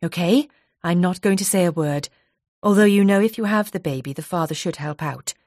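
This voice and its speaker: A woman playing a gentle hairdresser. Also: lowish voice, fairly quick, dry recording, clean studio sound, close to an everyday voice. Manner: gentle, steady, reassuring. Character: kind, careful woman hairdresser.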